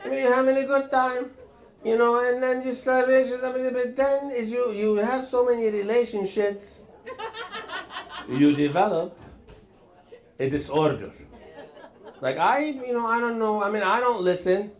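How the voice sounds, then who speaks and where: A man doing a rambling stand-up routine, chuckling through his lines and stumbling over hesitant pauses. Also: extremely high pitch. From Lebanon. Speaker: stand-up comedian.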